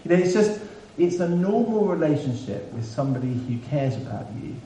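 A man preaching a sermon in a relaxed, conversational way with dry humour. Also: fairly high pitch, brisk. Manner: conversational, self-deprecating humour. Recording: echoey room, mic at a distance, faint background hiss.

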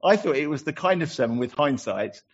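Pastor guy telling stories in his sermon, kinda husky, lots of ums, sounds a bit muffled. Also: fairly high pitch, expressive, fairly quick. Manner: self-deprecating, anecdotal, with fillers.

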